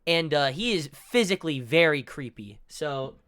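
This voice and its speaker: A man's voice: a little high, animated, moderate pace, fairly bright tone, slight background noise. A young man doing profane, mocking reaction commentary in a rambling way. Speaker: commentary streamer.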